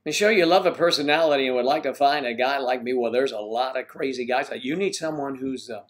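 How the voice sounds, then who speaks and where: An older man hosting a casual livestream, joking and rambling as he reads viewer comments, often clearing his throat. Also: medium pitch, fast. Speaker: host of a livestream. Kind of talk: casual live chat reading viewer comments.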